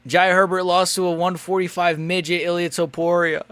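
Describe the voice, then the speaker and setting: Young man, streamer, bright tense voice, dry close sound, crude, rambling. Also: high voice, level tone, moderate pace, dry recording. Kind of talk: live fight watch-along.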